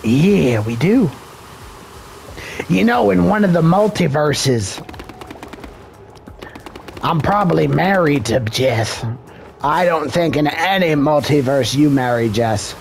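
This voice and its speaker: A man giving casual gameplay commentary, excitable and full of profane trash talk. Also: a little high, slow, creaky, long pauses, slight background noise. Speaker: gamer streaming gameplay. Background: game music.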